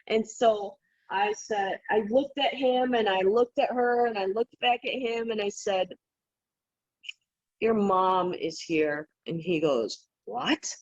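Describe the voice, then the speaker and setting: A woman guest on a podcast, telling stories in an animated, casual way and laughing often. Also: mid-range voice, takes it slowly. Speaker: podcast guest, psychic healer. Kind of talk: casual interview storytelling. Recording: dull lo-fi remote audio.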